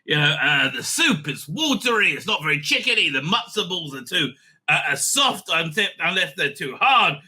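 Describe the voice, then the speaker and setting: A grumbling deli customer airs his complaints in a high, exaggerated voice that swoops up and down as he gripes, as a man puts it on for a joke. The sound is sharp and bright. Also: big pitch swings, moderate pace, slightly rough, heavily acted. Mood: griping.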